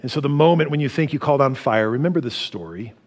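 A middle-aged man preaching a sermon, animated, laughing often and swinging from loud to soft. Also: mid-range voice, quick pace. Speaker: pastor.

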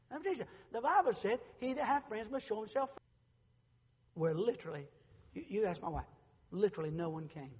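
A middle-aged man preaching a sermon as pastor, moving between quiet storytelling and shouted proclamation. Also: high-pitched, husky, long reverb tail.

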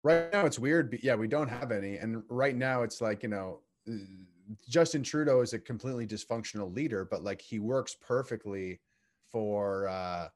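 A man in relaxed podcast chat, agreeable and halting, often restarting his sentences. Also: mid-range voice. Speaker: podcast co-host. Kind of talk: casual chat.

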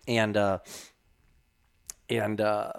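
A man's voice: fairly low pitch, lively intonation, extremely slow, creaky. A man casually telling a long story on a podcast, rambling with lots of fillers and restarts. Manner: rambling, many fillers and restarts, laughs often. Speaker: hunting guide telling a story.

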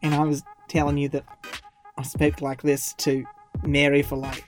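A woman's voice: deep voice, little pitch movement, moderate pace, faint music behind. A woman in her twenties from Indiana, co-hosting a casual chat, rambling and laughing often. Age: 20s. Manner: chatty, rambling, laughs often, does silly voices. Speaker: podcast co-host.

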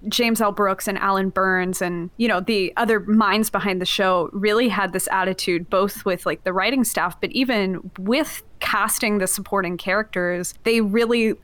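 A woman's voice: medium pitch, fairly even intonation, moderate pace, hardly any pauses, a bit bright, no room sound. Woman cohost on a chatty podcast, eager and playful, dry close mic. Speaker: podcast co-host. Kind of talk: casual podcast discussion.

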